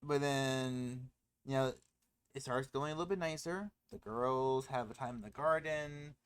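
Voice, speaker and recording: Rambling, excitable movie ranter. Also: medium pitch, a little slow, smooth. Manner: rambling, self-interrupting with laughing asides; gets loud and excited when frustrated. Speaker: movie commentator. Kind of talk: casual spoiler rant.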